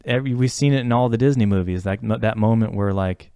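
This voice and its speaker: Low-ish male voice, earnest podcast chat, thinking out loud, dry close mic. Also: fast talker, smooth, no room sound. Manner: reflective, earnest, many fillers and restarts. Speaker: podcast co-host talking about therapy. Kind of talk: casual podcast conversation.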